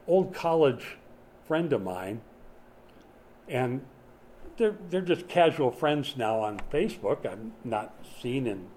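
A man's voice: medium pitch, warm tone, a little hiss or hum. A man in his sixties preaching a sermon in a conversational way, putting questions to his congregation. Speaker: pastor. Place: small church during a power outage.

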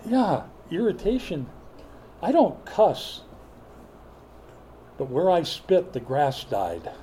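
An older man preaching a sermon, a folksy joking storyteller who builds to loud, emphatic preaching. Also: a little high, wildly swooping pitch, slow, slight background noise. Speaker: pastor.

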